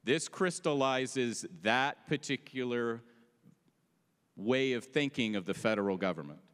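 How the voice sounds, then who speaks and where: A man with a smooth, resonant voice presents an informal history talk at a meeting, breaking things down with offhand jokes. His voice rings with the long reverb of a large hall. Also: medium pitch, unhurried, fairly bright tone. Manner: casual, joking asides. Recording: echoey hall.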